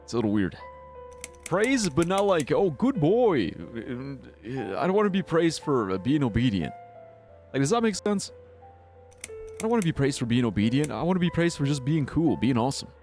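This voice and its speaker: A man's voice: mid-range voice, big pitch swings, normal speed, a little mellow. A man streaming a game live, rambling and swearing freely as he comments. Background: game music.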